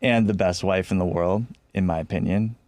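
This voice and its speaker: A man's voice: low-pitched, fairly even intonation, moderate pace, darkish tone, dry recording. A man who is a real estate lawyer and regular on a radio show, friendly and good-humored in casual talk. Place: radio studio. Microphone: studio mic.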